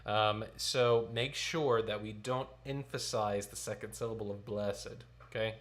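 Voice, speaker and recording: A man's voice: lowish voice, fairly even intonation, a little slow, over loud music. A man leading a choir sectional rehearsal. He counts in, sings short phrases and explains notes patiently. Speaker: choir director.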